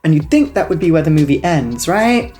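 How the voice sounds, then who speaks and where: Snarky low-voiced woman reviewing a movie. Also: big pitch swings, fairly quick, mellow, soft background music. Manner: snarky, mocking, peppered with swearing and "like". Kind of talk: casual sarcastic review vlog.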